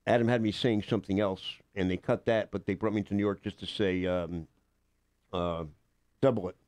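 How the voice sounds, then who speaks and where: A man's voice: on the low side, fairly even intonation, normal speed, a little mellow, no room sound. An older man, a guest actor on a radio show, telling rambling stories in casual talk, with many fillers and restarts. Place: radio studio.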